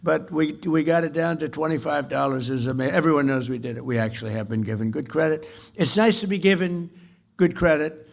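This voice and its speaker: Gravelly man rambling through a speech. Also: fairly high pitch, brisk. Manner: rambling, repetitive, boastful. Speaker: dinner speaker. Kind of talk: off-the-cuff political speech. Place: club dinner event.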